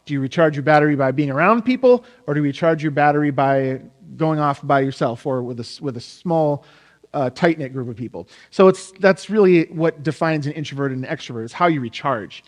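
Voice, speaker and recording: A man's voice: fairly high pitch, long reverb tail. A man in his thirties, a pastor giving an informal, rambling sermon with frequent restarts.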